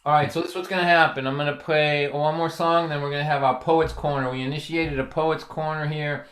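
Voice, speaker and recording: A man, a folk singer telling a story between songs in a chatty, animated way and often asking "right?". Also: fairly high pitch, a little fast. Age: 60s. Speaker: folk singer and livestream host. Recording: roomy echo.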